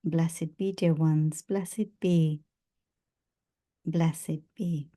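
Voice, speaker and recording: A woman channeling a loving, protective male archangel, speaking in slow, repetitive blessings. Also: low-pitched, steady tone, mellow, full character voice. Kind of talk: spiritual channeling.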